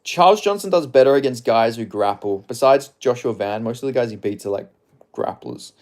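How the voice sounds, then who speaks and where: A man's voice: medium pitch, lively intonation, brisk, darkish tone. Rambling Australian man chatting on stream. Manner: rambling, loose, heavy filler words and swearing. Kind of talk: casual live-stream chat, reading viewer comments.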